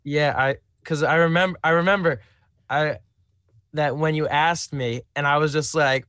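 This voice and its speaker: Hesitant young male guest, slightly high. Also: steady tone, a little slow, fairly bright tone, dry recording, studio quality. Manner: hesitant, many restarts and fillers. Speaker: podcast guest, streamer. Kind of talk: casual interview chat.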